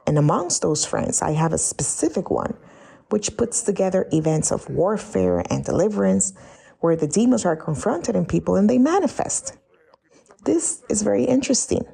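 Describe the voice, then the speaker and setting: A middle-aged woman preaching a sermon, acting out the voices of the people she quotes in a high, excited tone. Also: moderate pace, creaky, husky.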